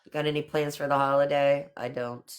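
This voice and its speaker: A woman's voice: low-pitched, little pitch movement, a little fast. Middle-aged woman, stream host; chatty, affectionate, easygoing live chat. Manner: chatty, affectionate, calls people honey and girl.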